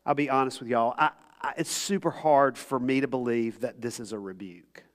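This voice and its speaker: A man preaching a sermon as pastor, impassioned, swinging between loud pleading and hushed, quiet tones. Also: mid-range voice, moderate pace.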